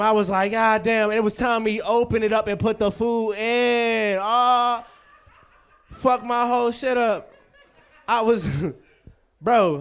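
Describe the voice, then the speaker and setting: High-voiced loud comedy host. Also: male voice, clean tone. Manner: loud, profane, storytelling with crowd banter. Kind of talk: stand-up comedy.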